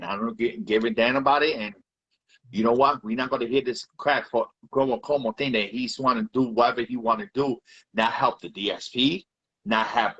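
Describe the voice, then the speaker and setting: Husky new guy on a live video, fired up and cussing, keeps repeating himself. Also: medium pitch, fairly bright tone, highs cut off. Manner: heated, repetitive, swears often. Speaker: live video chat participant. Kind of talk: angry political rant on live video.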